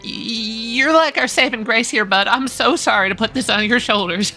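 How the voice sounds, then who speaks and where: A woman playing in a tabletop game, talking casually and quickly, laughing and swearing now and then. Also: a little high, sharp tone, soft background music. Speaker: player.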